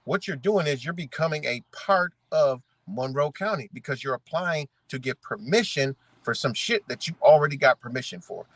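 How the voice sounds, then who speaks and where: Man, conversational profane rant, slightly high voice, dry close recording. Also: animated, moderate pace, hardly any pauses, a bit bright, no room sound. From Rochester, New York area. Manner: profane, conversational, rhetorical questions, street slang. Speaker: vlogger. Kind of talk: ranting commentary, reading out rules.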